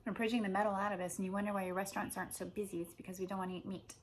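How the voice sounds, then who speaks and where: A woman giving a rambling spiritual monologue, meandering and repetitive, slowing down to stress her points. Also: mid-range voice, flat delivery, a little hiss or hum, rough recording. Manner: meandering and repetitive, with slow emphatic stretches. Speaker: spiritual speaker.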